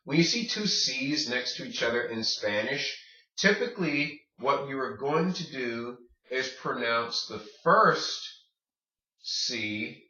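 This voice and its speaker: A man teaching a casual language lesson, patient, repeating words slowly and checking in with "okay?". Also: medium pitch, animated, sharp tone. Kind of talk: casual classroom-style lesson. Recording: roomy, distant, dull lo-fi sound.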